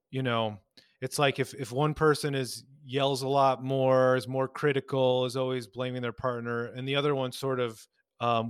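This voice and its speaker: A man, a couples therapist, explaining his approach in a relaxed conversation and acting out exchanges with clients. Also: medium pitch, clean tone, no room sound, clean studio sound. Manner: explains with acted-out client dialogue. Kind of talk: podcast conversation.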